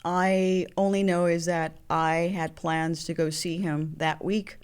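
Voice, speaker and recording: A woman in her sixties of Mexican heritage, with a fairly low, smooth voice, speaks slowly as an interview guest sharing candid personal stories. She's animated, acting out the phone calls she recounts in quoted voices.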